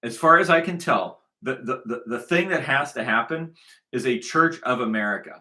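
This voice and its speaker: A man's voice: medium pitch, lively intonation, moderate pace, sharp tone. A man hosting a commentary show, ranting angrily and profanely, often repeating himself as he talks over played clips. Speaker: commentary host.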